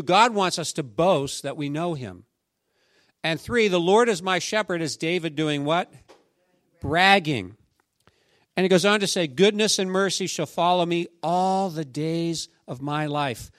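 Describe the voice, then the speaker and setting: A man preaching a sermon, telling stories and quoting scripture, dropping to a hush and then rising to shouts. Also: fairly high pitch, no room sound, clean studio sound. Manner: storytelling, swings from hushed to shouting. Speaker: pastor.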